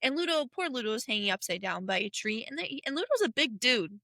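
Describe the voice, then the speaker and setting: A young woman co-hosting a podcast, retelling a film in a lively, slangy, joking way. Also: on the high side, quick pace, no room sound, studio quality. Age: young adult. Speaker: podcast co-host. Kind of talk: casual chat.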